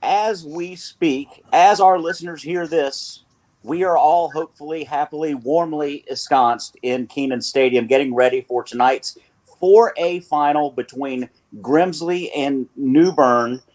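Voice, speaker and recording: A man's voice: fairly high pitch, measured pace, a little mellow. A man hosting a sports radio show with a North Carolina accent, talking in a playful, rambling way and correcting himself as he goes.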